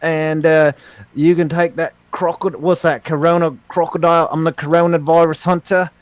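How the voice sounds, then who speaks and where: Guy putting on a loud show-off adventurer, drawls then yells, kinda high. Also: little pitch movement, no echo, natural voice. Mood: boisterous. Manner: loud, drawn-out boasting, shouted tagline. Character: brash adventurer man, loud and boastful.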